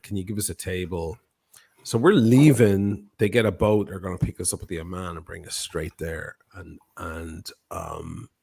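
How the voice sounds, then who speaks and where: A man with a fairly low voice tells a long anecdote to a live-stream audience. He swears freely and slips into quoted voices to act out each person in the story. He talks the way a watch collector and channel host chats with his viewers. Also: vocal fry. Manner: profane, animated anecdote with acted-out quotes.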